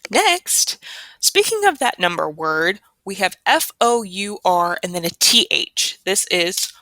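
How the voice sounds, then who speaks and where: A woman tutor giving an online phonics lesson, slowly sounding out each word and repeating it. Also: medium pitch, big pitch swings, pushed and bright, no echo. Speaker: literacy tutor.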